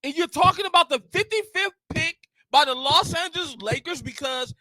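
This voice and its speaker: A man's voice: very high voice, moderate pace, sharp tone, no room sound, poor audio. A man co-hosting a casual podcast debate, argumentative and insisting on finishing his point. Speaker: podcast co-host.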